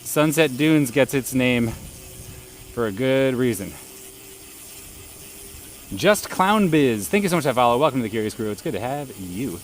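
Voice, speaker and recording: A man's voice: medium pitch, expressive, normal speed, long pauses, slight background noise. A man chatting casually on a live stream while riding a bike outdoors, laughing often and greeting viewers. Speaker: bike livestreamer. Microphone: camera rig on the bike.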